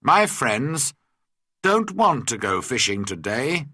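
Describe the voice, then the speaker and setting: A man voicing a stern, commanding male slave master who gives brisk orders. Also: mid-range voice, sing-song, sharp tone, slightly rough, no echo, studio quality, heavily acted.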